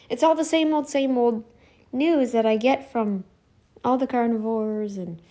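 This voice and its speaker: A woman's voice: a little high, slow, dark tone. A woman vlogger ranting in casual commentary, emphatic and defiant, repeating herself for effect.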